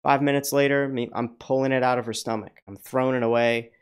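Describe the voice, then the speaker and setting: A man in a middle pitch hosts a casual livestream. He rambles through personal stories with frequent restarts and the odd curse. He slips into other people's voices as he tells them. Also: fast talker, clean tone. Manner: animated, acts out the voices of people in his stories. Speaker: livestream host.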